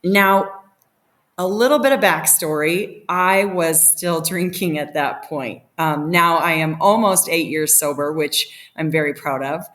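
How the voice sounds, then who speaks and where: Lively storytelling woman, slightly low voice. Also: measured pace. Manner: animated, laughing, acts out quotes. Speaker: podcast guest. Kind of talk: casual storytelling.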